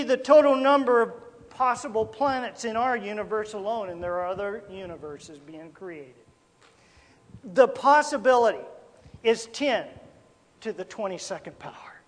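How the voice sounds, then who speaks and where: A man with a very high voice preaches a sermon, folksy and emphatic, calling out to his listeners as folks. His voice rings with the long reverb of a big hall.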